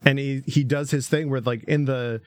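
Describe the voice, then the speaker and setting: A man co-hosting a casual anime podcast chat. He talks excitedly, laughs often, swears freely and acts out lines from the show. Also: medium pitch, moderate pace, no room sound. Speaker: podcast co-host.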